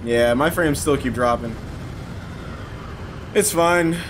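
A young gaming channel host with a medium-pitched voice talks slowly over gameplay against background noise. He keeps it casual, joking and sarcastically mocking the game's characters.

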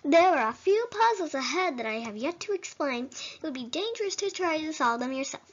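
A woman reading aloud the lines of a gentle, motherly goat-monster caretaker from a video game. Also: sits high, lively intonation, a little fast, slight background noise. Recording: dull lo-fi recording.

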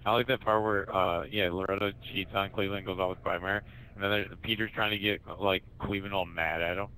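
A man's voice: low-pitched, little pitch movement, fairly quick, bright, forceful tone, slight background noise, poor audio. A man chatting casually and rambling between voice impressions, giggling and cutting himself off. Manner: giggly, rambling, self-interrupting. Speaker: amateur impressionist.

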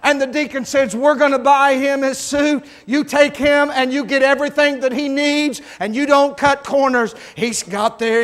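A man preaching a revival sermon, telling a story that builds from quiet narration to shouted preaching. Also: very high-pitched. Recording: church service recording.

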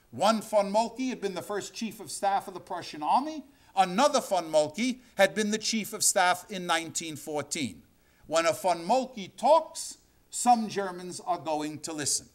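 Animated man giving a history lecture. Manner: dramatic, acts out quotes with sweeping pitch. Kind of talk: university lecture.

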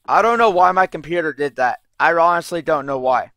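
A man's voice: on the high side, lively intonation, brisk, sharp tone, dry recording, clean studio sound. A young man giving casual, rambling commentary over his gameplay, frustrated and swearing constantly. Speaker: let's play gamer.

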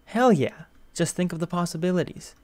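Brief: a man playing a cheerful, booming male hero teacher, kind and eager, for a fan fiction audiobook. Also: brisk, no room sound, close to an everyday voice. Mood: excited. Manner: eager, reassuring, bursts of loud excitement. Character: upbeat loud male teacher hero, gentle and encouraging.

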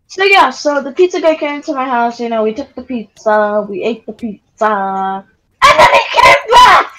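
A high-pitched woman rambles through a casual story time as she plays a game. She circles back, trips on filler words and keeps going. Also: normal speed, slight background noise, low-quality recording. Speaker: storyteller while gaming.

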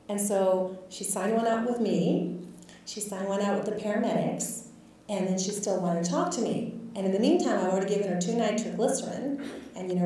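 A woman's voice: medium pitch, mellow. A woman physician telling a lecture audience about a patient, candid and reflective, with many filler words. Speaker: physician guest speaker. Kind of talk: storytelling in a lecture. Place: lecture hall. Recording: echoey lecture hall, far from mic.

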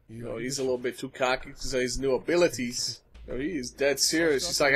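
A man's voice: mid-range voice, steady tone, moderate pace, a bit bright. A man hosting an anime reaction, talking casually with frequent gasps, exclamations and slangy asides.

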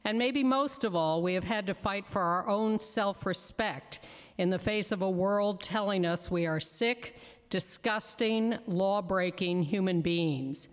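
A woman giving prepared testimony at a council hearing, emphatic and deliberate, slowing down to stress each word of a list. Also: mid-range voice, big-room sound. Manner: emphatic, deliberate, slows on lists. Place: council chamber.

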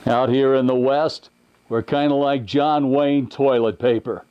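A man's voice: mid-range voice, fairly even intonation, measured pace, clear, resonant tone, highs cut off, lightly acted. A man voicing a rugged, boastful Western cowboy. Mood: tough.

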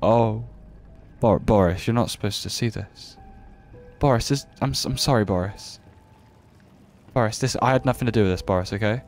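A man's voice: medium pitch, moderate pace. A young man giving casual, joking commentary while streaming a horror game. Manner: joking, playful, excitable.

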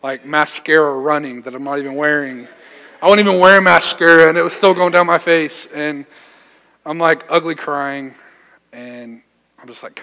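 A man's voice: on the high side, moderate pace, bright, forceful tone. A young man, a youth pastor preaching a sermon, telling a personal story in a casual, slangy way with self-deprecating humor. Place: church sanctuary. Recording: church hall reverb.

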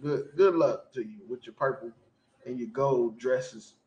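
A man hosting a podcast, talking in casual, profane, animated commentary and laughing often. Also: medium pitch, unhurried, reverberant, lo-fi sound, very noisy. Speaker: podcast host.

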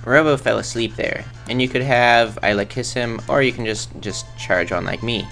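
A man's voice: mid-range voice, moderate pace, creaky, a bit bright, faint music behind. A man rambling through casual game commentary in a goofy, self-mocking way, tossing in silly sound effects. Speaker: let's play host.

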